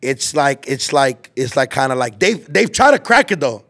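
A man's voice: medium pitch, big pitch swings, moderate pace, fairly bright tone. A man in his twenties hosting a casual chat, telling a rambling story full of slang and filler words. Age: 20s. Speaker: podcast host.

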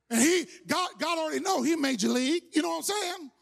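A man preaches in a church, swinging his voice up and down with big animated energy. He shouts and plays with the crowd as he tells the story. There is a gravelly rasp under his high, lively delivery. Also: quick pace, few pauses. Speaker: pastor. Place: church sanctuary.

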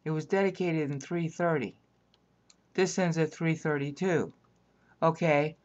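Low-voiced woman lecturing, lo-fi sound. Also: fairly even intonation, unhurried, long pauses, darkish tone. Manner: conversational, keeps checking in with "okay?". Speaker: bible teacher. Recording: dull lo-fi recording.

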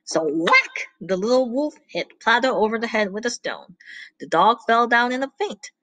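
A woman reading a children's story aloud in an animated way, pausing to ask her listeners questions. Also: on the high side, dry recording.

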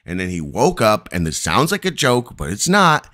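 A man's voice: lowish voice, wildly swooping pitch, moderate pace, bright, forceful tone. A man hosting a live stream, telling a long, rambling story full of profanity.

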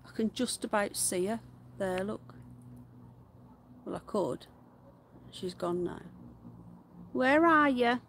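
A woman's voice: medium pitch, expressive, slow pace, pauses often, fairly bright tone, a little hiss or hum. Woman cooing to rabbits. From England. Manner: cooing baby talk to her pet rabbits. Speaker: live-stream host. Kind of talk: casual live-stream chat. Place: outdoor garden.

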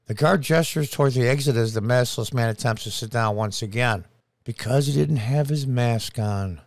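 A man's voice: mid-range voice, no room sound. Indignant middle-aged male commentator, dry sound. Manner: indignant, emphatic, punches key phrases slowly. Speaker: political commentator. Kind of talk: opinion commentary.

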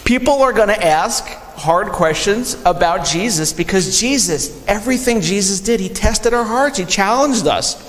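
A young man preaching a sermon, animated, acting out quick quoted asides in a church sanctuary. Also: high voice. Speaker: pastor. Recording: long hall reverb.

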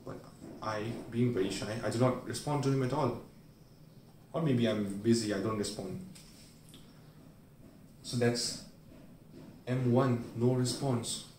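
A man with a medium-pitched, darkish voice speaks at a measured pace, pausing often, as he teaches a medical memory aid. He illustrates it with everyday stories, briefly acting out the people involved. The sound is roomy and distant, with a little hiss or hum.

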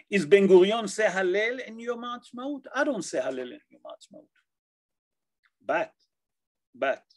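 A rabbi gives a Torah class in a gravelly voice that sits a bit high for a man. He talks in halting bursts, repeats phrases and restarts his sentences. He keeps checking in with his listeners. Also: darkish tone, low-quality recording. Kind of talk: Torah class on Jewish law.

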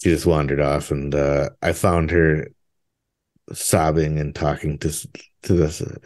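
Podcast co-host, male, 30s, very low voice, loose and jokey. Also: flat delivery, measured pace, a little mellow. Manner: rambling, jokey, laughs often. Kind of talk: casual chat.

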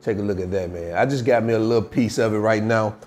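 A man hosting a casual home cooking video, chatting in a relaxed way as he tastes his dish. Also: fairly low pitch, fast. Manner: laid-back, chatty, tastes food on camera. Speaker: home cook and channel host.

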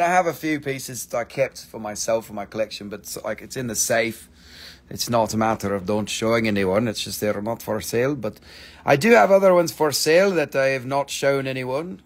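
A man hosting a live stream selling crystals, with excitable, profane sales patter. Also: mid-range voice.

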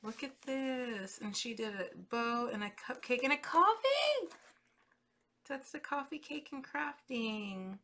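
A woman's voice: high voice, takes it slowly. Gushing woman unboxing at a craft desk. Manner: gushing, excitable, squeals over cute items. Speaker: crafting channel host. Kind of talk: casual unboxing chat. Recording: clear background noise, paper crinkling.

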